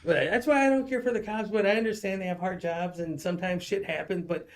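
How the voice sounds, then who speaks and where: Man, forties, guest, slightly high voice, rambling, swears a lot, keeps saying dude. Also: fairly even intonation, fast. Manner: rambling, profane, says "dude" constantly. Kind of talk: casual storytelling.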